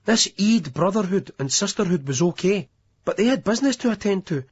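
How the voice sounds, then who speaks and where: Husky-voiced male audiobook narrator. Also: high-pitched, expressive, a little fast, a little mellow. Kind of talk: scripted narration. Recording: dull lo-fi audiobook.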